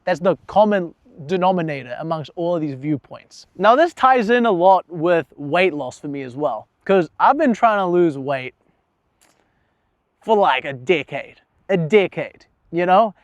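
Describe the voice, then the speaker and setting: A man's voice: high voice, no echo, highs cut off. A young man talking candidly about himself in a casual, profane vlog monologue, laughing at himself now and then. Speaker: vlogger.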